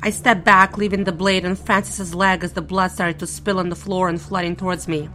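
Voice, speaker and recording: Bright-voiced young woman, wry and nervous. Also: fairly low pitch, level tone, a little fast. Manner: nervous, wry, self-mocking. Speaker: narrator and lead character. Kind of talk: first-person audio drama narration.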